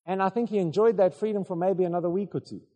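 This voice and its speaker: A male preacher tells a story to his congregation, animated and halting, restarting his sentences again and again. His voice sits fairly high for a man. A long hall reverb trails every phrase. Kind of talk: storytelling sermon.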